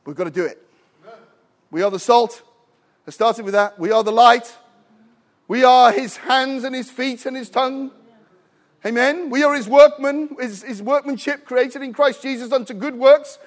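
A man's voice: extremely high pitch, normal speed. A middle-aged man preaching a sermon with passion, telling stories and calling out to the congregation for an amen. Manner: impassioned, rising to shouts with frequent "Amen?" calls.

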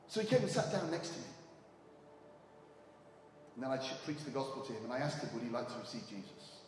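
A man preaching a sermon in a church, telling stories quietly and then raising his voice to urge the congregation on. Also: mid-range voice, big pitch swings, quick pace, long pauses, slight background noise. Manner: swings from hushed storytelling to raised exhortation. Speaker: visiting preacher. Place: church hall. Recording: echoey hall, mic at a distance.

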